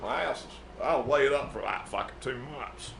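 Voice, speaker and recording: A man's voice: mid-range voice, moderate pace, creaky, crowd noise, lightly acted. A man playing a brash, profane music manager, rambling and boasting in an improvised comedy bit. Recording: echoey room.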